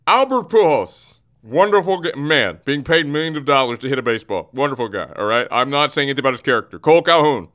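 A man's voice: medium pitch, fast talker, hardly any pauses. A man hosting a sports show, ranting in mock fury and stammering through restarts. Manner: excitable, mock-furious ranting. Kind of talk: comic sports rant.

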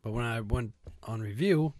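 Laid back podcast cohost, mid pitch, dry close mic. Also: moderate pace, darkish tone, dry recording. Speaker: podcast co-host. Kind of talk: casual chat.

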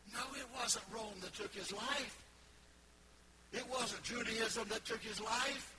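A man pastor preaching a sermon, building to fervent shouts as he quotes scripture. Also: very high-pitched, steady tone, takes it slowly. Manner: preaching with rising fervor, shouting quoted words. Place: church sanctuary. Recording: loud background noise.

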